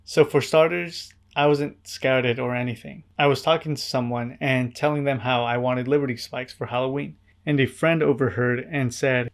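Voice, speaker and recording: A man narrating his own vlog in a scripted, deadpan way, with wry asides and an earnest, introverted manner. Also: medium pitch, normal speed, few pauses. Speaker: vlogger.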